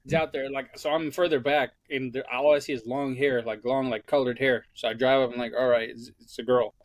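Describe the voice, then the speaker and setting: A young man co-hosting a casual podcast, brash and teasing, swearing freely as he tells stories. His voice sits at an ordinary pitch, recorded close and dry with no room sound. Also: flat delivery, a little fast, dry recording. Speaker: podcast co-host.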